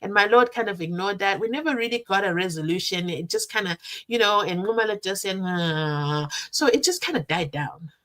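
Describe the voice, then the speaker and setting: A woman's voice: mid-range voice, brisk. A woman hosting a casual live stream, chatting animatedly and reading out viewer comments. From South Africa. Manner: animated, chatty, breaks into sing-song.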